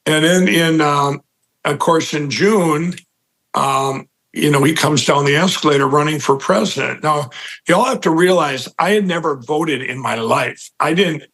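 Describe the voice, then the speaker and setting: Speaking at a measured pace, this man's slightly bright voice sits on the high side, and the recording quality is low. As an interview guest, he rambles through a lengthy personal story, often using fillers and starting over, and performs the voices of those he quotes.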